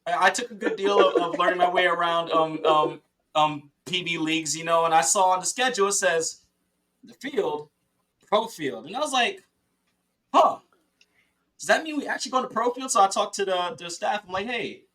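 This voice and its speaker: A man tells a long story on a podcast in a casual, excited way. His voice is bright and sits a little high, and he often stops and restarts his sentences. He breaks into laughs and quick impressions of his teammates as he goes. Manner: quotes teammates in lively voices. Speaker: podcast guest, paintball player.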